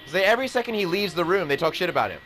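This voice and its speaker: A man's voice: high voice, expressive, very fast, fairly bright tone, faint music behind. A man ranting in a rambling, indignant way, with heavy swearing. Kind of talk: rambling personal rant.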